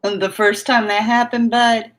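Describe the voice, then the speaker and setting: A woman's voice: a little high, flat delivery, moderate pace, fairly bright tone. A woman hosting a casual live stream, chatting with viewers and laughing often. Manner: laughs often, drawls words out. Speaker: livestream host chatting with viewers.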